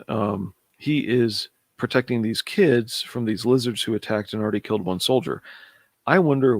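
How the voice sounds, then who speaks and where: A man with a gravelly, mid-pitched voice talks his way through a comic book, thinking aloud. He is chatty and hums and chuckles to himself as he goes. The sound is close and dry, with no room echo. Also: darkish tone. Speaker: comic reviewer streaming.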